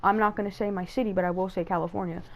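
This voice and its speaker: A woman's voice: medium pitch, rapid-fire, gravelly, slight background noise, poor audio. A woman telling a rambling gaming story. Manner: rambling, excitable, many fillers and restarts. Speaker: gaming channel host. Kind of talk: casual story time over gameplay.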